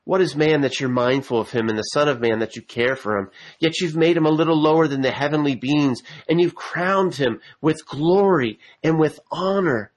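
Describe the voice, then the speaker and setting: A man's voice: on the high side, normal speed, hardly any pauses, rough recording. Male preacher, earnest sermon delivery that climbs into emphatic appeals. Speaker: pastor.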